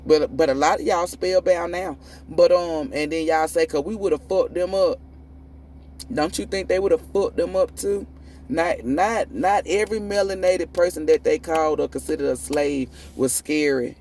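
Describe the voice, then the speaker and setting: Speaking at a moderate pace, this tarot reader has a low-sitting, darkish voice with a faint hiss or hum in the audio. Her ranting spiritual monologue is preachy and profane, and her emphasis grows until words start repeating and restarting.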